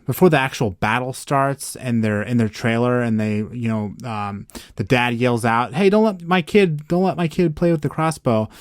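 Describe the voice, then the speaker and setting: Co-hosting a collectors' podcast, a man chats in an easygoing, casual way, using many fillers. His voice is medium-pitched, and the sound is clean studio audio without echo.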